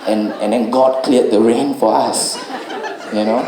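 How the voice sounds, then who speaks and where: Singaporean guy doing standup, mid pitch, rambly chatty, echoey room. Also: steady tone, unhurried, noisy background. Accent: Singaporean English. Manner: loose, rambling delivery with "you know" and "right?" tags. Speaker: stand-up comedian. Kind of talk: stand-up storytelling.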